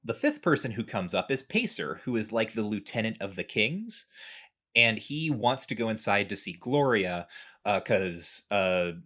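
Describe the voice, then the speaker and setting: A man's voice: lowish voice, a little slow. A man casually recounting a video game playthrough to a co-host, briefly acting out the characters' lines. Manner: relaxed storytelling, acts out characters' lines. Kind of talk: casual chat.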